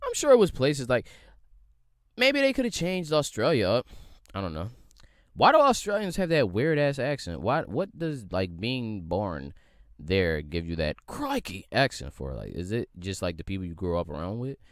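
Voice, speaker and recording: A man's voice: mid-range voice, big pitch swings, normal speed, dry recording, studio quality. A young man from the area, hosting a solo podcast in a loose, profane, rambling rant full of rhetorical questions. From Philadelphia area. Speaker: podcast host.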